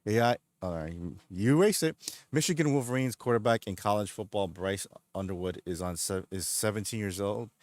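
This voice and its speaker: A man's voice: on the low side, fairly quick, darkish tone, no echo. A man streaming, chatting casually while gaming, rambling along and laughing often. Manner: rambling, laughs often, does goofy voices in retold scenes.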